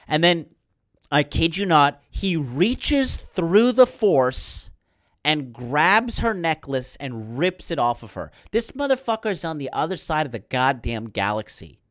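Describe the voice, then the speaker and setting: A man's voice: fairly high pitch, animated, unhurried, fairly bright tone, dry recording, clean studio sound. A man hosting a podcast, ranting about a film in a heated, sarcastic way full of swearing. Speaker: podcast host.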